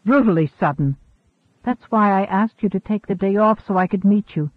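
A man reading the part of a centuries-old woman scientist, speaking in a measured, calm, gently firm way. The recording is tinny and narrow-band. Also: sits high, no echo, lightly acted.

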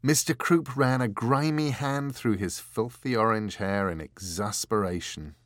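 A man narrating a fantasy novel in an expressive, measured storytelling manner. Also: on the low side, no echo, clean studio sound. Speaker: audiobook narrator. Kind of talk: scripted fiction narration.

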